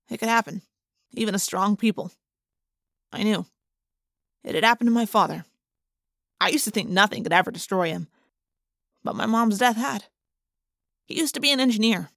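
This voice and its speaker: A woman narrating a first-person audiobook in a brisk, expressive way. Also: on the high side, no echo, studio quality.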